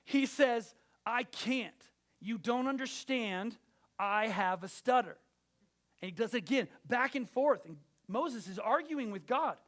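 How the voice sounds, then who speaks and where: A man's voice: very high-pitched, expressive, unhurried, a bit bright. A man preaching a sermon as pastor, exhorting his listeners directly and with emphasis.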